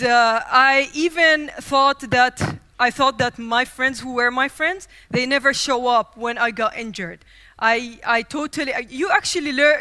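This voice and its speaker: A young woman from the Middle East giving a humorous storytelling keynote speech, acting out scenes as she goes. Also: on the high side. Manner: lively, acts out scenes and quotes. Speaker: keynote speaker. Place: conference stage.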